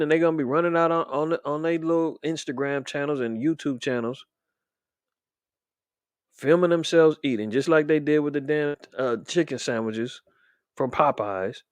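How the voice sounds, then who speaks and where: A man's voice: a little high, moderate pace, fairly bright tone, clear, resonant tone, no echo. A man hosting a casual commentary stream, talking in a loose, indignant, rambling way with many fillers and restarts. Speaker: show host commentating on current events.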